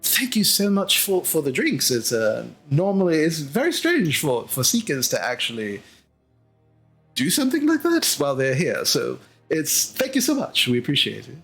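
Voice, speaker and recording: A man's voice: on the high side, huge pitch swings, moderate pace, gravelly, fairly bright tone, husky, soft background music, full character voice. A man voicing a polite, flustered dragonborn scholar in a tabletop game, hesitant and effusively welcoming.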